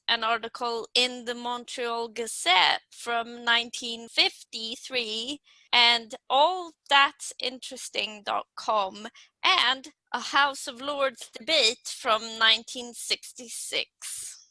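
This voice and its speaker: Female podcast host, slow and steady, dry close-mic sound. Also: on the high side, no room sound, poor audio. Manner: steady reading, giggly between lines. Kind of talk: scripted true-crime narration.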